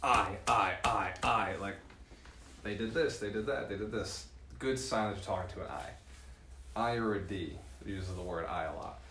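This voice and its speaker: A man giving a live seminar as a real estate mentor, lively and laughing often, tagging points with "right?". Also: fairly low pitch, fairly quick, roomy sound, slight background noise. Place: room with a live audience.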